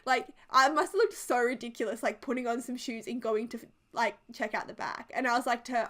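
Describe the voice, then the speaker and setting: Chatty young woman, fairly high voice. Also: brisk, few pauses. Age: 20s. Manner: chatty and animated, heavy use of "like". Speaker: video creator. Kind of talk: casual storytelling over a build video.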